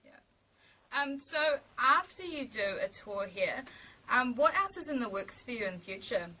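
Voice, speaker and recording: A woman hosts a casual radio interview. Her voice is breathy and sits fairly high, and she keeps her questions short and giggles often. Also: sing-song, measured pace, pushed and bright, low-quality recording. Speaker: radio host. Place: radio studio.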